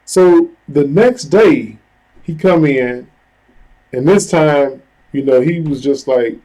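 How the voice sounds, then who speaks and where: A man's voice: fairly high pitch, slow pace, low-quality recording. A man vlogging, telling a personal story in an earnest, conversational way, full of "you know" and "like". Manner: conversational, heavy use of "you know" and "like" fillers; earnest, retelling a story with lively asides.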